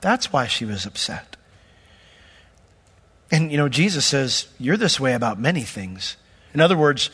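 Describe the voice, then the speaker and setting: A man's voice: mid-range voice, big pitch swings, unhurried, long pauses, fairly bright tone, slightly rough, long reverb tail. A man preaching an expository sermon, explaining scripture word by word with emphatic, conversational asides. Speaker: pastor. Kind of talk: sermon teaching.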